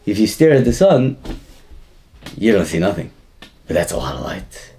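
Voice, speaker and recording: A man's voice: lowish voice, big pitch swings, normal speed, dark tone, slight background noise. A man giving an informal Torah class, rambling and chuckling as he mixes in Hebrew and Yiddish terms. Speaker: Torah teacher.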